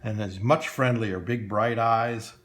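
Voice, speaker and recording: A man's voice: lowish voice, fairly even intonation, takes it slowly, fairly bright tone. A man teaching children to draw cartoons step by step, playful and talking straight to the kids, with frequent chuckles. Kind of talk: step-by-step drawing lesson for kids.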